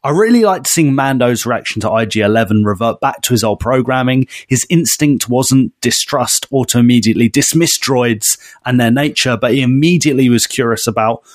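A man's voice: mid-range voice, brisk, few pauses, no room sound. Chatty man, dry close sound. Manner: chatty, laughs often, says "mate". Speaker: podcast co-host. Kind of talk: casual chat.

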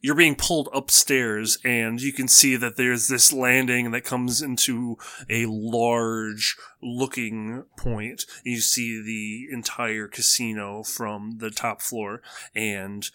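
A man's voice: medium pitch, flat delivery, slow, bright, forceful tone, no room sound. A man narrating a tabletop game as game master, casual and laid-back with swearing.

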